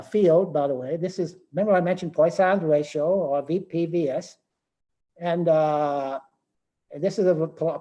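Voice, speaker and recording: Older man giving a halting technical lecture. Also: fairly high pitch, mellow, poor audio. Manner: thinking aloud with frequent restarts and fillers. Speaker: presenter.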